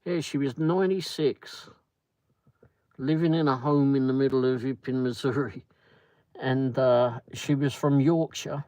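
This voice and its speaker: A man's voice: medium pitch, fairly even intonation, measured pace, a little mellow, no room sound, rough recording. A man hosting a casual livestream, rambling through a story and greeting viewers by name. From Britain. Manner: rambling, chatty, reads viewer comments aloud. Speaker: livestream host.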